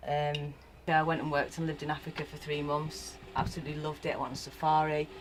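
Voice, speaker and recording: A woman's voice: deep voice, level tone, fast, rough recording. A woman who travels the waterways on a boat, chatting upbeat and casually about her life. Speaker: canal boater. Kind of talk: casual interview.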